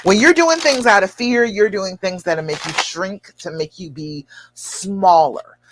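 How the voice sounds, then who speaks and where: A woman hosting a live stream as a love coach, reading out viewer comments and giving encouraging advice with lively jumps in pitch and frequent laughs. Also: unhurried, background noise. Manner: animated and encouraging, with big leaps up in pitch; laughs often while talking.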